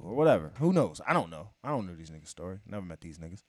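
A man telling a long story in casual chat, profane and animated, acting out what people said to him. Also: low-pitched, quick pace, hardly any pauses, no echo.

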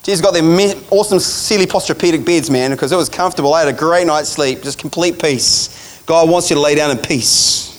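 A man's voice: fairly high pitch, a little fast. A man preaching a sermon, telling a vision story in a casual, chatty way and laughing along.

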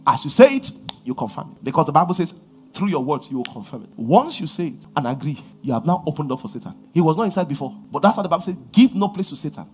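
A man preaching a sermon, swinging from shouted lines to low murmurs as he reads and explains scripture. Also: sing-song, quick pace.

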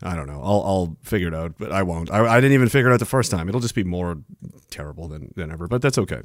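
Brief: middle-aged man, livestream host, lively up-and-down delivery, dry close mic. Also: low voice, fast talker, no echo. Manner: rambling, joking, reads chat aloud. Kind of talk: casual livestream chat. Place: home studio. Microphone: boom-arm studio mic.

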